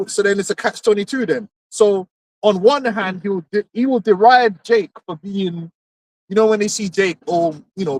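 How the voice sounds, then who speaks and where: A man's voice: high voice, recorded from a distance. A British man, talking heatedly in a casual discussion, preaching and mocking. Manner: animated, mocking impressions, preachy. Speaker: podcast co-host.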